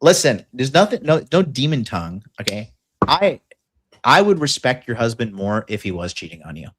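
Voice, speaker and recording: A man's voice: mid-range voice, big pitch swings, moderate pace, fairly bright tone, breathy edge. A man hosting a podcast, talking in crude, blunt, rambling banter and provoking his co-host.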